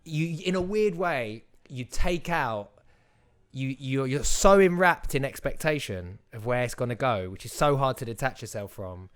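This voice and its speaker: A man's voice: medium pitch, lively intonation, normal speed, smooth. A young man, an actor guest in a casual podcast chat who rambles, restarts often and acts out quotes.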